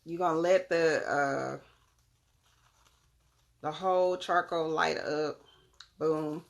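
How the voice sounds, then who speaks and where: A woman's voice: low voice, steady tone, slow, creaky. A young woman hosting a casual live stream from home on her phone, chatting with viewers by name as she demonstrates her products. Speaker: live-stream host selling crystals and readings.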